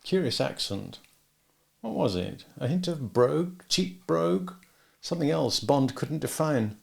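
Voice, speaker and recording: Gravelly male audiobook narrator. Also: on the high side. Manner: steady, measured reading.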